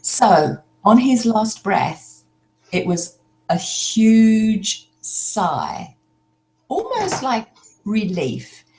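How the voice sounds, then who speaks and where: An older woman telling a personal story in a slow, reflective way, pausing often as she speaks. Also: on the high side, sing-song, dark tone, slight background noise. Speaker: spiritual speaker.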